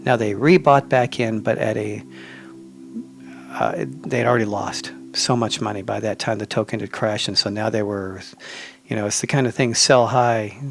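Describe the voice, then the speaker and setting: A man hosting a radio talk show, telling stories in an animated, chatty way. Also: on the low side, moderate pace, gravelly, soft background music.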